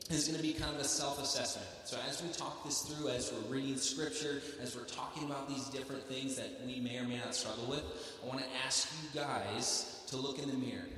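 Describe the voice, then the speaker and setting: A man's voice: medium pitch, fairly even intonation, brisk, bright, forceful tone. A young man with a Southern US accent, a youth pastor preaching a sermon, chatty and joking with the congregation. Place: large church hall. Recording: echoey hall, mic at a distance.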